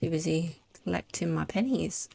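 A woman's voice: fairly low pitch, normal speed, gravelly, dark tone. A woman giving chatty, jokey commentary while playing a game, often talking to herself. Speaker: let's play gamer. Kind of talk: casual gameplay commentary.

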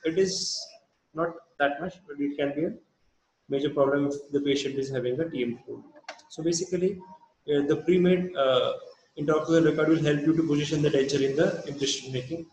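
Indian man lecturing with halting fillers. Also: on the high side, steady tone, darkish tone, roomy sound, slight background noise, low-quality recording. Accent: Indian English. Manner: halting, many fillers and restarts. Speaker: dental lecturer. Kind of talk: recorded lecture.

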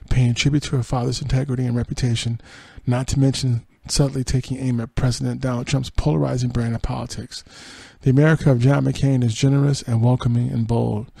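A man's voice: mid-range voice, vocal fry, dark tone, husky, no room sound. A man hosting a podcast, reading entertainment news aloud and adding dry, sarcastic asides. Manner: reads quotes then adds dry sarcastic asides and laughs. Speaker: podcast host.

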